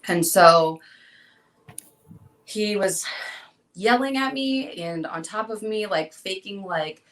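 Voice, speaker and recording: A woman's voice: mid-range voice, slow pace, low-quality recording. A young woman being interviewed, telling a personal story and acting out the dialogue she quotes. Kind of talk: emotional personal account.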